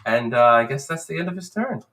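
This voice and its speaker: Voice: mid-range voice, expressive, a little fast, a bit bright. A player in a live-streamed tabletop game who narrates their character's actions expressively, with hesitant fillers.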